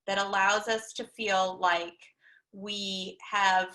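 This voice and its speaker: Bright-voiced woman giving a counseling talk. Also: mid-range voice, flat delivery, rough recording. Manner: personal examples, frequent "um" pauses. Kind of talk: conversational webinar lecture.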